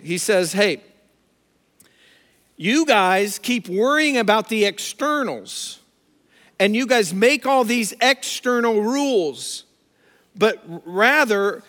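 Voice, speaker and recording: A man's voice: sits high, fairly bright tone, in a large hall. A man giving a conversational sermon, explaining and paraphrasing scripture in plain everyday words. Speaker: preacher. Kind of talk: sermon, Bible teaching.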